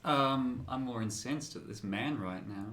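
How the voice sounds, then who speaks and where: Hesitant player in an echoey room. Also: male voice, mid-range voice, unhurried, a bit bright. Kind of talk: casual in-character play. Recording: roomy echo.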